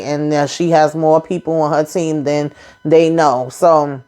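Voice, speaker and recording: A woman's voice: sits low, flat delivery, unhurried, mellow. A woman host casually recapping a TV episode, acting out each character's lines in a blunt, profane way.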